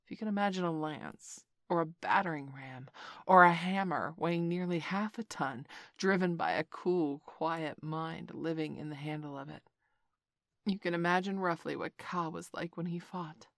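A woman narrating a classic storybook in a measured, expressive way. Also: on the low side, no room sound, clean studio sound. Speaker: audiobook narrator. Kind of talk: scripted narration.

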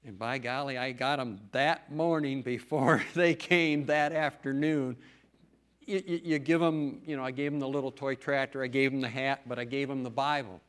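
A middle-aged man speaks in an earnest, homespun way, leaning hard on key words as he shares his testimony. His voice sits at an ordinary pitch for a man. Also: steady tone, normal speed, hardly any pauses, fairly bright tone. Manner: earnest, folksy, emphatic. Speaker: lay preacher and farmer. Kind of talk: church testimony talk.

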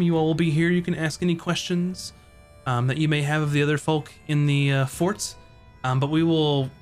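Casual game master, slightly high voice, lots of ums, light music behind. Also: male voice. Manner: relaxed, many ums and uhs. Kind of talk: narrating a tabletop game.

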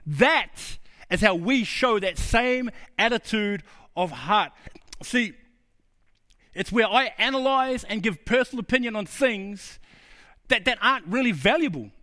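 Earnest high-voiced New preacher. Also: male voice, lively intonation, measured pace. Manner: earnest, personal storytelling with sudden drops to a low, quiet voice. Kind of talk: sermon.

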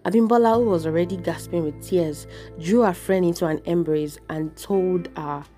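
A woman narrates a dramatic story in an expressive, measured reading. Her voice is low and mellow. Soft instrumental music plays faintly under it.

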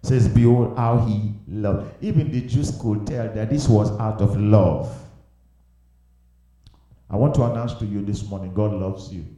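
A man preaching a sermon with passion, swinging from hushed pleading to loud exclamations. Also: fairly low pitch, a little slow, pauses often, highs cut off. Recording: very echoey room.

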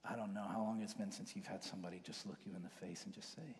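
Low-voiced preaching man, hall reverb. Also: fairly even intonation, fast, a little hiss or hum. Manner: conversational preaching, dropping to hushed whispers for emphasis. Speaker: pastor. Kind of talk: sermon.

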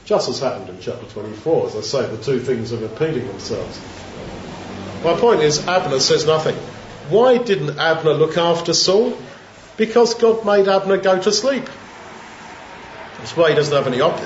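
A man with a fairly high voice preaches a sermon in a relaxed, conversational way. He keeps asking rhetorical questions. The recording sounds roomy and a little dull, with faint noise underneath. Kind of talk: expository sermon.

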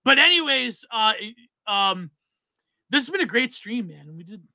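A man's voice: very high voice, big pitch swings, measured pace, bright, forceful tone, no room sound. A man co-hosting a livestreamed podcast, rambling in casual chat with lots of restarts. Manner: rambling, many fillers and restarts. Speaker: podcast co-host.

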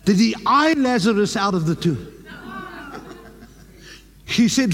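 High-voiced South African preacher, slow. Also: male voice, lively intonation, long reverb tail. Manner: emphatic preaching, slips in Afrikaans words. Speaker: pastor. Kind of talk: sermon.

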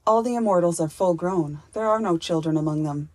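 A woman reading a children's fairy-tale audiobook aloud in a gentle, unhurried storybook narration. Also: fairly low pitch, no room sound. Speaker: audiobook reader.

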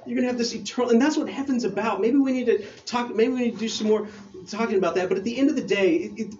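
A man preaching a casual, excited sermon, talking with slang and restarting his phrases as he reads scripture. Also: very high voice, quick pace, muffled recording, a little hiss or hum.

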